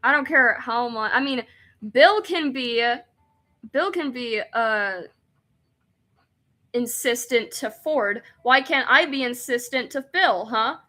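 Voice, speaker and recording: Young woman, streamer, excitable, rambling, reads game text aloud, bright tone. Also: on the high side, soft background music. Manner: excitable, rambling, quick to laugh. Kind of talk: casual let's-play chat, reading game text aloud.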